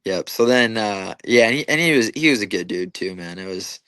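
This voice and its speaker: A young man with a fairly low voice recounts his fight night in loose, rambling speech, full of "like" and "you know" and casual swearing. The sound is dry and close. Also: animated, a little fast, fairly bright tone, clear, resonant tone, no room sound. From Minnesota, USA. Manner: casual, profane storytelling with many fillers and restarts. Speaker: MMA fighter, interview guest. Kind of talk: casual interview chat.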